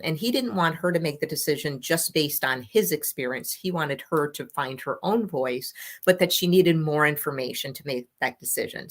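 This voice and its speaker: Woman, 50s, interview guest, low voice, animated storytelling.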